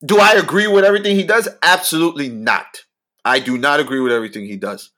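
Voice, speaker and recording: A man's voice: a little high, fast, sharp tone. A man with a lisp co-hosting a podcast, talking in a blunt, crude, joking way. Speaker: podcast co-host. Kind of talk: casual podcast banter.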